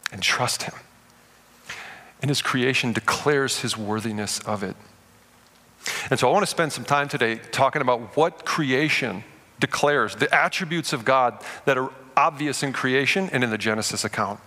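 Man in his forties, pastor, bright voice, lively storytelling sermon, reverberant hall. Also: mid-range voice. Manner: storytelling, animated, addresses the audience directly. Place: large room before a live audience. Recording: long reverb of a large hall.

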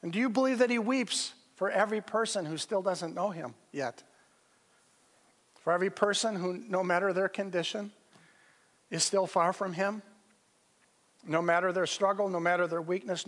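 Pastor preaching in an echoing church. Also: male voice, high voice, a bit bright. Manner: earnest storytelling, pauses and restarts. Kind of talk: sermon. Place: church sanctuary. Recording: long reverb of a church hall.

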